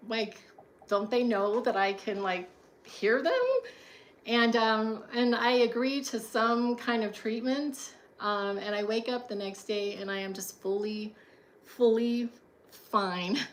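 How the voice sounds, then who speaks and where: Chatty woman with a higher voice. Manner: chatty, laughs often, many "like" fillers. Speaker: storyteller. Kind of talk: personal monologue.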